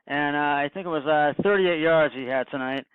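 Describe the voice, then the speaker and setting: A man with a fairly high, smooth voice rambles happily through a solo sports recap, circling back to the same phrases. The sound is dry and thin, like a phone line. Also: fairly quick, no echo. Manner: rambling, excited, repeats himself, many fillers. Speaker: home podcaster recapping football. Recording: tinny phone-like dry recording.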